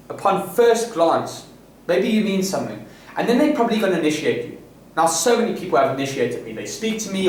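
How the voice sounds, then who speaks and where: A man's voice: on the high side, slight background noise. A man from South Africa vlogging self-improvement advice in a boastful, self-assured way, rambling with restarts. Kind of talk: casual advice monologue. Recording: echoey room, voice distant from mic, faint room ambience.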